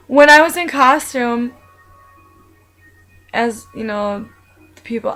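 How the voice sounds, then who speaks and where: Young woman, slightly high pitch, rambling and chatty personal vlog monologue full of fillers. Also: fairly bright tone, low-quality recording. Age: young adult. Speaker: vlogger.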